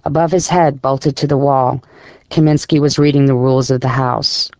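Gravelly male audiobook narrator. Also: mid-range voice, fairly even intonation, moderate pace, darkish tone, dry recording.

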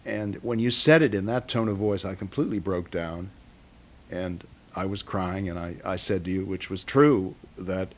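A middle-aged man, a father, telling a family memory in a halting, emotional way with many hesitations. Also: sits low. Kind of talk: personal storytelling interview.

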